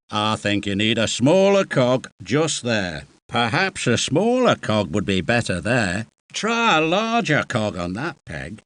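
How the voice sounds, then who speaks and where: A man's voice: mid-range voice, fairly bright tone, no echo. A man from the UK giving patient, encouraging instructions as narrator of a children's game, recorded in a studio. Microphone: close studio mic.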